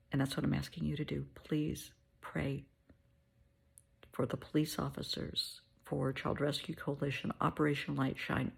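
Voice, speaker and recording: Woman, middle-aged, husky raspy voice, soothing, motherly, heartfelt pep talk. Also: low voice. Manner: soothing, motherly, calls listener honey; drops to soft whispers at times. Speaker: host.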